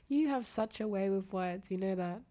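Feverish and nasal, a young woman acting out a cozy phone call as someone's girlfriend keeps her voice soft, giggles a lot, and drifts off mid-sentence. Her pitch is medium and her pace moderate; she works as an audio creator.

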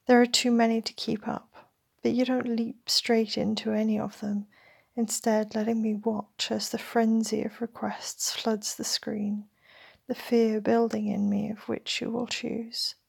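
Breathy, slow whispering woman storyteller. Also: on the high side, flat delivery. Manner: slow, intimate first-person narration. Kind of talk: whispered role-play.

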